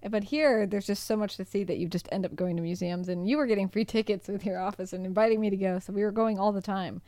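A woman's voice: medium pitch, fast talker, mellow, no room sound. A young woman from the United States co-hosting a podcast in casual chat, laughing often and poking fun at herself. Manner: giggly, self-deprecating. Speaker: podcast co-host.

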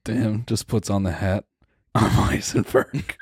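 A man's voice: lowish voice, fairly even intonation, gravelly, darkish tone, slightly rough, no room sound, clean studio sound. A man co-hosting a podcast, chatting casually and laughing often. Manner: laughs often, slow and drawn out. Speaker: podcast co-host. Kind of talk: casual chat.

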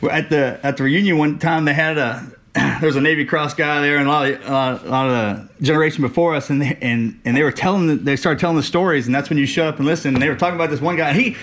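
A man with a fairly high voice tells stories on a podcast. He chats casually, laughs often and slips into the voices of the people he quotes. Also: quick pace, a bit bright. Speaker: podcast co-host. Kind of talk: casual storytelling chat.

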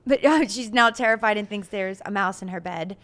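A young woman co-hosting a casual podcast, chatting lively with her husband and laughing often as she tells family stories. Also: mid-range voice, fairly quick. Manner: giggly, animated, laughs often. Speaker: podcast co-host. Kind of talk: casual chat.

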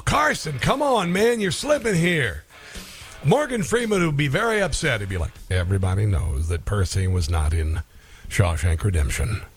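A male talk radio host riffs in an animated, sarcastic way, dotting his lines with fillers. His voice sits a bit high. The studio is dry and close-miked. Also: no room sound. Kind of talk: opinionated talk radio monologue.

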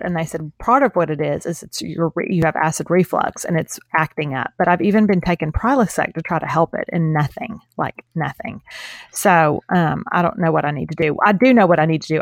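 A woman's voice: fairly low pitch, no room sound, studio quality. A woman co-hosting a podcast in casual chat, rambling through her thoughts with plenty of "like.". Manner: rambling, many "like" fillers. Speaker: podcast co-host.

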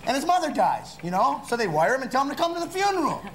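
An actor playing a loud, abrasive middle-aged barroom comic who rants and laughs at his own jokes in a comedy sketch. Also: extremely high pitch, sing-song, fast, a little hiss or hum. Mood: ranting. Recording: old broadcast clip, roomy with studio audience.

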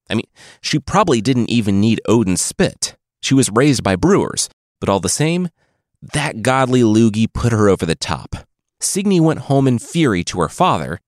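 A man's voice: fairly low pitch, dry recording, clean studio sound. A man telling a saga as a comedic retelling, with wry, sarcastic asides. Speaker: storyteller host.

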